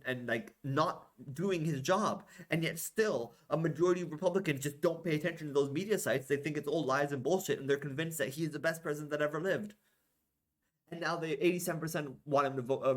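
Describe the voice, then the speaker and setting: A man's voice: on the high side, fairly bright tone. Exasperated man ranting with frequent swearing. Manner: exasperated, swears often, many fillers and restarts. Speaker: vlog host. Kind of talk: casual ranting monologue.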